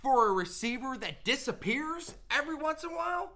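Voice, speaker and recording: A woman co-hosting a casual sports podcast, ranting in an animated, profane way and laughing often. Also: sits high, brisk. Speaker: podcast co-host.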